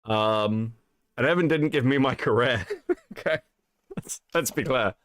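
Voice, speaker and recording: A man's voice: medium pitch, a little slow, a bit bright, no room sound, studio quality. A male stream host giving heated commentary, exasperated and swearing often. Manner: exasperated, profane ranting.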